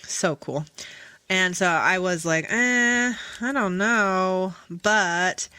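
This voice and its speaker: Woman podcast host, unhurried, bright tone, dry close sound, rambling casual chat. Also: fairly low pitch, no room sound. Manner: rambling, chatty, many fillers and self-corrections; sings song lyrics softly.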